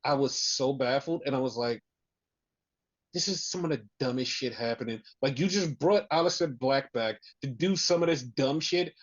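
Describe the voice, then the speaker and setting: A man's voice: mid-range voice, moderate pace, no room sound, lo-fi sound. A man co-hosting a podcast, recapping wrestling in casual, profane chat and acting out the wrestlers' lines. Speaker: podcast co-host.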